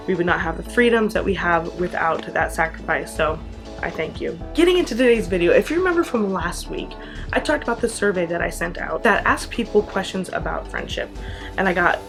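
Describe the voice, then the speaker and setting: A young American woman hosting her own channel, talking earnestly to camera in a chatty way with quick asides. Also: on the low side, expressive, music in the background. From United States. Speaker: channel host. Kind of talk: casual vlog talk to camera.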